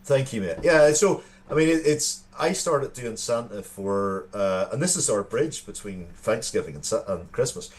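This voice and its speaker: A man's voice: medium pitch, lively intonation, normal speed, few pauses. An Irish man in his thirties, a co-host telling earnest stories in casual chat, often restarting his sentences. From Ireland. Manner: earnest storytelling with frequent restarts.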